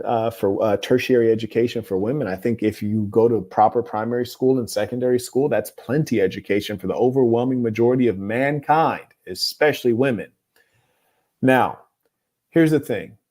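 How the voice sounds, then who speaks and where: A man in the host's chair reads viewer letters aloud and comments on them in a steady, lecturing tone. His voice sits at an ordinary middle pitch. His opinions come out blunt and moralizing, yet his delivery stays calm. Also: a little fast. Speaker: host. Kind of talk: relationship advice commentary, reading viewer letters.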